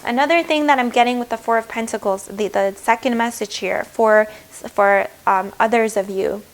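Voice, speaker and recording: A woman giving an upbeat, encouraging tarot reading to her viewers, acting out what the cards say. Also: a little high. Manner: upbeat, encouraging, acts out the cards in quick voices. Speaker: tarot reader.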